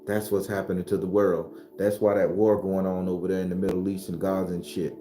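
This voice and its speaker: A man delivers an unscripted spiritual talk, blunt and full of profanity. His voice is mellow and dark, and it jumps higher and louder when he gets worked up. The room is echoey, with faint music behind him. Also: little pitch movement, fairly quick. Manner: gets loud and high-pitched when fired up. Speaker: spiritual teacher.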